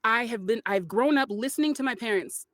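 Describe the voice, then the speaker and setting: A woman's voice: a little high, fairly quick, a bit bright, no room sound. A woman voice actor, a guest on a podcast, chatting casually with lots of laughs, fillers and restarts. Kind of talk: casual podcast interview chat.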